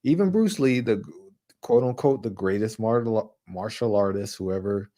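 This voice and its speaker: A New York man co-hosts a casual movie talk show, rambling through restarts and filler words. His voice is warm, on the low side, and expressive at a moderate pace.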